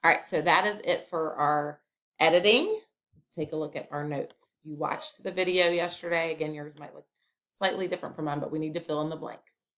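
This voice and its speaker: Lady teacher going over grammar, kinda low voice, chatty and relaxed with little asides. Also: moderate pace. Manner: chatty, explaining step by step with asides. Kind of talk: classroom grammar lesson.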